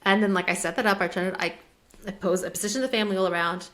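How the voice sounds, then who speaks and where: Woman, podcast co-host, casual chat, rambling, acts out dialogue, mid pitch. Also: racing, fairly bright tone. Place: lives in German-speaking Switzerland.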